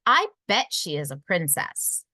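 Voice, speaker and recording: A woman's voice: on the low side, sing-song, unhurried, sharp tone, no room sound, pitched below the performer's own voice, heavily acted. A woman voicing an eager, earnest young boy in a storybook read-aloud.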